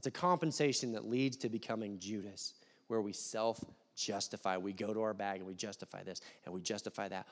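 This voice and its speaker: A young adult man preaching a sermon, animated, acting out voices and swinging from loud to hushed. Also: on the low side, fairly quick. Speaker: pastor. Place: church hall.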